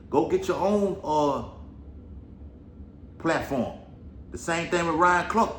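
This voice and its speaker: Slow and full of long pauses, a man's slightly high, bright voice carries lively intonation as he rambles about Bible prophecy. He swears often and keeps saying "all right," in an echoey room with faint noise.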